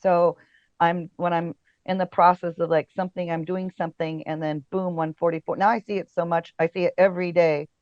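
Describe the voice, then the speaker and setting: A chatty woman guest tells stories in a loose, easygoing way, full of fillers and quick laughs. Her voice sits at a middle pitch. The sound is dry and a little dull, as on a modest podcast setup. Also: flat delivery, a little mellow, dry recording. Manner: chatty storyteller, many fillers, laughs often. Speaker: casting director and podcast guest. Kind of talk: casual interview chat.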